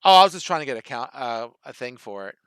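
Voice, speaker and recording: A man's voice: mid-range voice, big pitch swings, fast talker, a bit bright, smooth, no echo, studio quality. A man with a Philadelphia accent running an online tabletop game as dungeon master, thinking aloud while he reads the rules.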